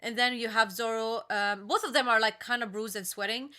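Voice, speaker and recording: Bright young woman, halting casual read. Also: on the high side, fairly even intonation. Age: young adult. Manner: halting, many fillers and restarts while reading aloud. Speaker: co-host reacting to a comic chapter. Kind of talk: casual reaction chat.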